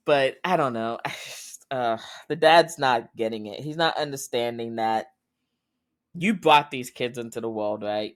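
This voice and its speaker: A woman hosting a podcast, casually recapping a drama episode and retelling its scenes, her voice jumping up when she gets excited. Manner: animated retelling, voices quotes in a lower flat tone, squeals when excited. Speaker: podcast host.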